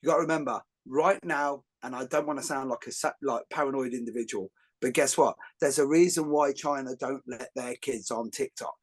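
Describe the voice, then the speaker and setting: A middle-aged man, hosting a podcast and telling jokey stories in a lively, rambling way with many fillers and restarts. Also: medium pitch, a little fast, few pauses. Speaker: podcast host. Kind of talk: casual podcast conversation.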